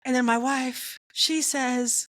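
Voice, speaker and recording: A woman hosting a podcast, telling a comic personal story with animated, dramatic emphasis and repeated punchlines. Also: high-pitched, takes it slowly, no echo, studio quality. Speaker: podcast host.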